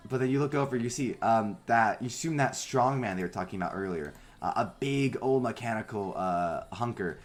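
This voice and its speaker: Man rambling through game narration. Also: on the low side. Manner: loose, rambling narration with fillers. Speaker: game master.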